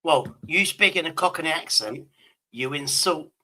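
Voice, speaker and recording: A man's voice: fairly high pitch, measured pace, pushed and bright, poor audio. A man hosting a stream in casual chat, crude, joking and rambling. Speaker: streamer host.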